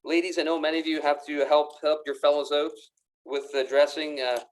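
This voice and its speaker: A man's voice: a little high, flat delivery, fairly quick, slight background noise, rough recording. A man presenting golf gear in a pro shop, upbeat and gushing, with frequent fillers and restarts. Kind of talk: live product demonstration. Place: golf club pro shop with racks behind.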